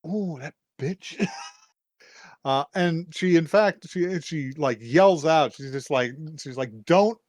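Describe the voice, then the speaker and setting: A man's voice: on the high side, slow, a little mellow, dry recording, clean studio sound. A man co-hosting a podcast, casually retelling a story in a loose, rambling way, swearing freely and often laughing. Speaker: podcast co-host. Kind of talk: casual recap chat.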